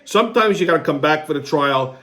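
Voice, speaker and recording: A show host spins a sarcastic, foul-mouthed comedic monologue around a story, talking a little fast. He lurches from quiet muttering into excited bursts and back again.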